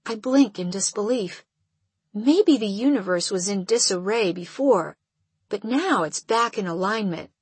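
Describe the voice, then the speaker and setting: A woman reading a first-person audiobook in a measured storytelling way. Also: medium pitch, animated, husky, no room sound. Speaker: audiobook narrator.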